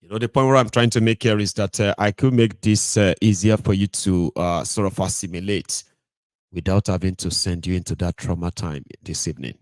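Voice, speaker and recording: A man's voice: low-pitched, fairly quick, a little mellow, dry recording. A man with a Nigerian accent giving casual, storytelling political commentary, joking and hesitating with fillers.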